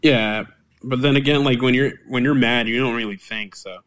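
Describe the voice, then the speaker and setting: A young man talking casually on a podcast in a relaxed, hedging way, quick to agree. His voice sits at a middle pitch. The recording is dry and close with no room sound. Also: no echo. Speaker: podcast co-host. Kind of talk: casual chat.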